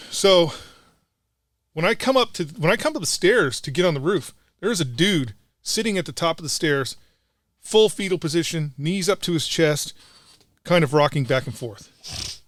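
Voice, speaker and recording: A man's voice: a little high, fairly bright tone, no room sound. A middle-aged man, a combat veteran guest, telling a war story in blunt, profane casual talk.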